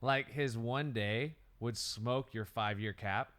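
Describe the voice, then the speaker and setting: A man chatting casually on a podcast, telling stories in a lively way. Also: medium pitch, slow.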